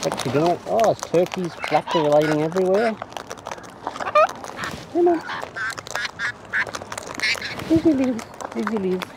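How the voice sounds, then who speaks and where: A man's voice: sits high, lively intonation, moderate pace, creaky, long pauses. An Australian man outdoors, coaxing and playfully teasing wild birds in a casual, sing-song way. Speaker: bird feeder filming wild birds. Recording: noisy outdoor recording with birds. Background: bird calls and outdoor sounds.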